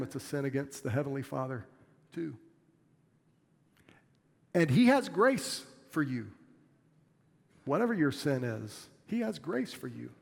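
A man's voice: a little high, gravelly. Earnest pastor man preaching in a reverberant hall. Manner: earnest, plainspoken, self-deprecating with laughs. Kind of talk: sermon.

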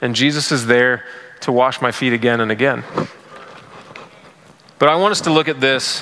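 A man's voice: mid-range voice, normal speed, pauses often, sharp tone, long reverb tail. A man preaching a sermon in a casual, conversational way, full of fillers. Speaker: pastor.

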